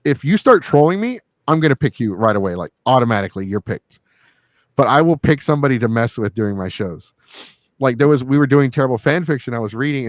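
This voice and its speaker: Male podcast host, crude and animated, mid-range voice, dry close sound. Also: mid-range voice, no room sound. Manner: crude, joking, animated, laughs often. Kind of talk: casual storytelling chat.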